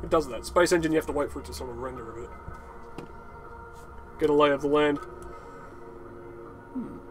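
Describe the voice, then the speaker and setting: Guy ranting and swearing over his gameplay, voice a bit high, rambly, faint music behind. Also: moderate pace. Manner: rambling, profane, ranting with laughs. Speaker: gaming channel host. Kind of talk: unedited gameplay commentary.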